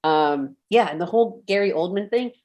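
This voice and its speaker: A woman in her thirties with a somewhat low voice chats casually on a podcast. She rambles with animated energy, full of fillers and quick laughs. She comes through a remote call microphone. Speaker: podcast guest. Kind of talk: casual chat.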